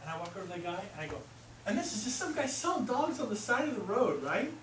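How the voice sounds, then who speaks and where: A middle-aged man speaking as a real estate trainer, telling stories in an animated way and acting out the voices he quotes. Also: sits high, fast talker. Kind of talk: storytelling seminar talk. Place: seminar room. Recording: echoey room, mic far off, noisy.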